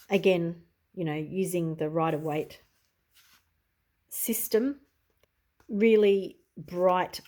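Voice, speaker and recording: A woman's voice: fairly low pitch, darkish tone. A middle-aged Australian woman, a tarot reader, chatting easily in a show-and-tell video, often adding "you know" and "I suppose.".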